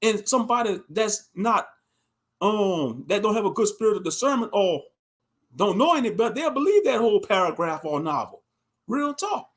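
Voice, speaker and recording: A man's voice: sits high, big pitch swings, normal speed. A man in his thirties giving a profane, mocking, rambling commentary on a livestream. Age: 30s.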